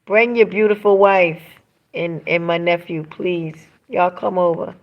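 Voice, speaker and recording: A woman hosting a casual live stream from home, reading viewer comments aloud and talking straight to her audience in an emphatic, animated way. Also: fairly low pitch, measured pace, lo-fi sound.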